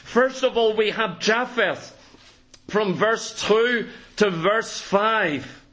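A man's voice: sits high, slow, bright, forceful tone. A man with a Northern Irish accent preaching a sermon, fervent and emphatic, firing off rhetorical questions to the congregation. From Northern Ireland.

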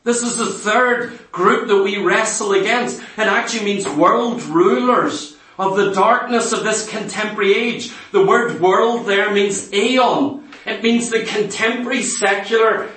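A man's voice: high-pitched, unhurried, a bit bright. A man preaching a sermon, pressing the congregation with emphatic rhetorical questions. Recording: echoey hall, mic far off.

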